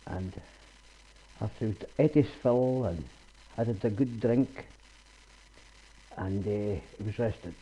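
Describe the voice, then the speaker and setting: A man telling a traditional folk tale aloud in a homely, unhurried way. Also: lowish voice, mellow, slightly rough, low-quality recording. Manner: homely, unhurried, repetitive "he says". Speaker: storyteller.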